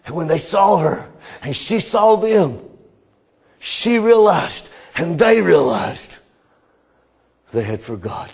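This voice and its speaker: A man preaching a sermon, telling a story with fervor, swinging between loud cries and hushed low drops. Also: lively intonation, takes it slowly, vocal fry, husky.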